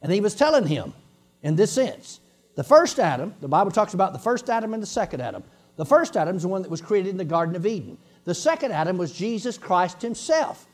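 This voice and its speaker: A man's voice: high-pitched, sing-song, brisk. A man preaching a sermon, emphatic and repeating his points, breaking into bursts of laughter.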